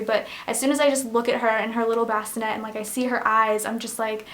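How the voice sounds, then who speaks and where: A young woman talks to the camera in a loose, rambling way, her voice sitting a touch high. She leans on "like" and "um" as she goes, open and emotional, close to tears at moments. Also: little pitch movement, fast, fairly bright tone. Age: young adult. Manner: rambling, heavy use of "like" and "um"; emotional, near tears at times. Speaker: vlogger. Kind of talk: casual chat to camera.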